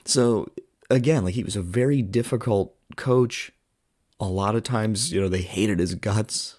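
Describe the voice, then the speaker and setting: A man's voice: on the low side, unhurried, a little mellow, no room sound, studio quality. A man hosting a podcast, casually retelling and reviewing a film in a chatty way, with lots of filler words and quotes he acts out.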